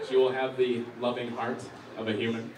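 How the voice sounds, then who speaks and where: A man's voice: medium pitch, little pitch movement, moderate pace, a little mellow, slight background noise, lightly acted. A man playing a pompous male mad scientist who speaks in a grand, declaiming way, recorded in a roomy hall from a distance. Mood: grandiose. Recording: roomy hall, mic heard from afar.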